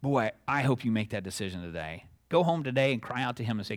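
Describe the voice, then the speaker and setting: A man's voice: mid-range voice, lively intonation, fast talker, few pauses. A middle-aged male pastor giving a conversational sermon, acting out little dialogues and chuckling at his own asides.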